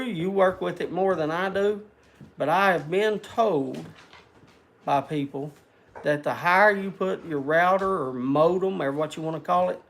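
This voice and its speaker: A man's voice: a little high, vocal fry. An older man hosting a livestream, chatting with viewers in a rambling, folksy, self-deprecating way. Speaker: livestream host. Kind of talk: casual chat to viewers.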